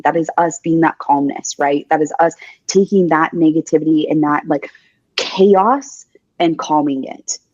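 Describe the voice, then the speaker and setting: A young adult woman, a paramedic, guests on a podcast for a candid interview, her deep, slightly mellow voice coming through muffled but with no echo. She speaks bluntly and emphatically, swearing freely and repeating her points.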